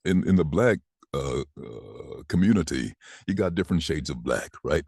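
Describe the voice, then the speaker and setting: A man in his sixties with a deep voice, telling stories in a casual interview and acting out the voices of people he quotes. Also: normal speed, breathy edge, no room sound, clean studio sound. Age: 60s. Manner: animated, acts out quoted voices. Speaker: voice actor guest.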